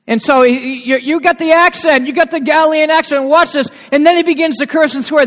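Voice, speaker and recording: A man with a New England accent, a pastor preaching a sermon in a lively, conversational way, full of rhetorical questions. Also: extremely high pitch, normal speed. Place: church sanctuary. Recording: long church reverb.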